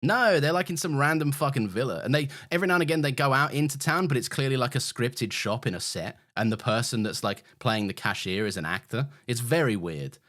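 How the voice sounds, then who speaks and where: A man co-hosts a podcast in loose, casual chat. His pitch swings widely and animatedly as he rambles, laughing and swearing freely. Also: expressive, brisk, few pauses, fairly bright tone. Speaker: podcast co-host.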